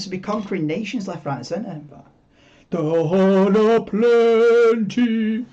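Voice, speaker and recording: A man hosting a live stream, chatting casually in a rambling, excitable way and swearing freely. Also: fairly high pitch. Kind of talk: casual live watchalong chat. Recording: dull lo-fi mic, tinny.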